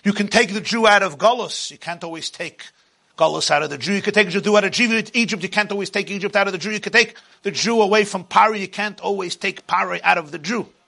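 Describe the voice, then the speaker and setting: High, bright-voiced impassioned male teacher. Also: fast talker, creaky. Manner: dramatic, swings from loud to hushed. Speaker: teacher of a religious class. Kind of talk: impassioned religious lecture.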